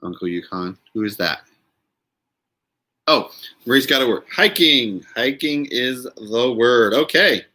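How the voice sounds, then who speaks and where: A man's voice: medium pitch, bright, forceful tone. Giggly man hosting a live stream. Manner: chatty, giggly, reads viewers' names aloud. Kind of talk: casual live stream chat with viewers.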